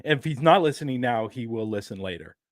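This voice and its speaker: A man hosting a podcast, chatting in an easygoing, friendly way with some halting restarts. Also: medium pitch, animated, dry recording, studio quality. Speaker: podcast host. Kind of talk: casual podcast chat.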